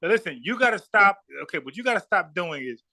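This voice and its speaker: A man's voice: high voice, big pitch swings, fast, sharp tone. A man from South Carolina hosting a livestream, talking bluntly and profanely, repeating words when he gets fired up. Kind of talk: casual heated debate.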